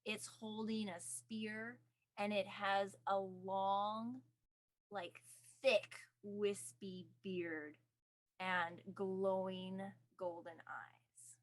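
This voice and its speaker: A woman runs a tabletop game as dungeon master. She talks slowly and describes each scene in careful detail, with ums and likes between the words. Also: medium pitch, steady tone. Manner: slow, descriptive narration with fillers.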